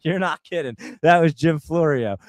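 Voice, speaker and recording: A man's voice: on the high side, moderate pace, no room sound. A man from New Jersey hosting a live stock market stream, talking casually and rambling in an exasperated way to his viewers. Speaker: stock market show host.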